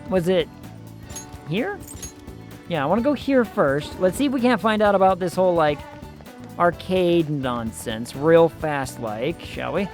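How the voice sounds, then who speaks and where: Faint music plays behind a streamer whose animated voice sits on the high side and moves unhurriedly. He gives casual, playful gameplay commentary, joking and slipping into silly voices.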